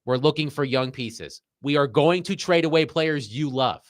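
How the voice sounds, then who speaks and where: A man co-hosting a sports talk show, reading statements aloud and then commenting in a measured way. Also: on the high side, no room sound, studio quality.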